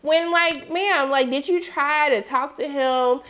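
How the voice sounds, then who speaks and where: A young woman with a high voice talks through a TV episode in a loose, chatty way. She is animated and expressive, and her voice jumps up into excited exclamations as she reacts to the show. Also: slow pace. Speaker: TV recap reviewer. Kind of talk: casual chat.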